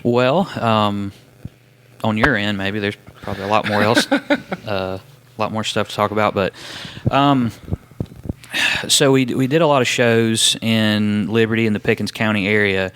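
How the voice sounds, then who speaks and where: A man, a wrestler telling his story in a casual interview, relaxed and rambling with many ums and restarts. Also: fairly low pitch, unhurried, slight background noise. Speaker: wrestler guest.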